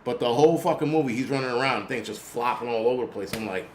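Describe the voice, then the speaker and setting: Profane, animated man ranting. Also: medium pitch, fast, hardly any pauses, slight background noise. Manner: profane, animated, laughs often. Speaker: channel host. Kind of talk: casual unscripted rant.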